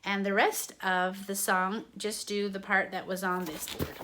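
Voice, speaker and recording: A woman's voice: mid-range voice, little pitch movement, a little slow, noisy background. A woman drama teacher giving an online singing lesson, explaining each point to her students and then singing examples.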